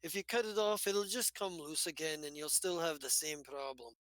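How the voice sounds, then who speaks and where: A man playing a cryptic old man who hands out warnings as riddles. He sounds slightly high and bright, slow and knowing. The recording is dry and close. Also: no echo, lightly acted.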